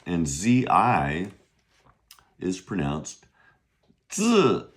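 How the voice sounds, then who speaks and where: A man teaching Mandarin vocabulary in a casual, patient way, slowly modeling each word's pronunciation with lively jumps in pitch. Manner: bursts of high pitch when modeling Chinese tones.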